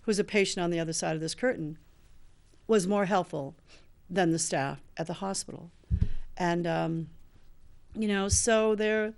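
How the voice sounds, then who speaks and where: A woman's voice: medium pitch, vocal fry, darkish tone, clear, resonant tone. An older woman in recovery telling a personal story earnestly, acting out the lines of the people in it. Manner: earnest, acts out dialogue in quotes. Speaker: show host sharing a personal story.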